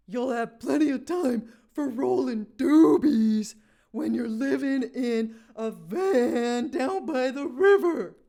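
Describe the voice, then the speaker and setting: A woman doing a loud, manic impression of a male comedian, shouting his lines. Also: sits high, lively intonation, slow pace, voice pushed up, exaggerated voice. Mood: frantic.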